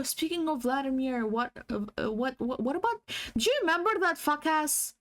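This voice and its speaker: High-voiced and fairly bright, a woman chats casually on a livestream whose audio is faulty. She's rambling and giggly, swears freely and keeps using fillers and restarting her sentences.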